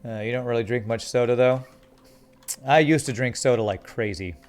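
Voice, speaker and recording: An American man giving relaxed, chatty commentary while playing a game and reading his chat aloud. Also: medium pitch, moderate pace. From United States. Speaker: game streamer. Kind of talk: casual gameplay commentary. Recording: faint music behind.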